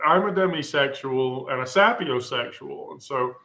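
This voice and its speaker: A man in a casual group chat, candid and blunt, often laughing loudly. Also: mid-range voice, moderate pace, creaky, a little hiss or hum.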